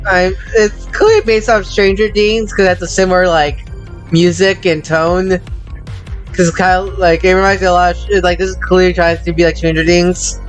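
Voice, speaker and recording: High-voiced man, joking streamer. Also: little pitch movement, moderate pace, soft background music. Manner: joking, rambling, restarts often. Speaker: streamer reacting to a showcase. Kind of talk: casual reaction chat.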